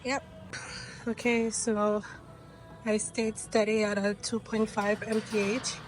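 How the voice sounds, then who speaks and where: A woman's voice: medium pitch, little pitch movement, takes it slowly, soft background music, low-quality recording. A young woman vlogging candidly at the gym, out of breath after a treadmill walk. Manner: candid, chatty. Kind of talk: casual vlog chat.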